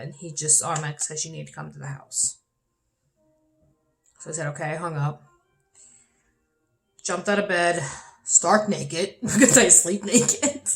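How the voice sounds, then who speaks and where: A young adult woman vlogging a personal story, candid and swearing freely, her voice rising when she gets upset. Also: sits low. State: dry mouth. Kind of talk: personal vlog, emotional storytelling.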